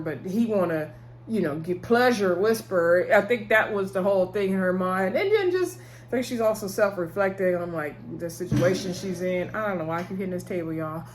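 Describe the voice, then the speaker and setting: A woman with a somewhat low voice gives a casual recap of a TV episode, chatty and lively in her retelling. She talks with her hands at a table and keeps calling her viewers y'all. A faint noise sits under her voice. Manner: chatty, retells scenes with quoted dialogue, addresses viewers as y'all. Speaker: TV episode reviewer. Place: indoors at a table.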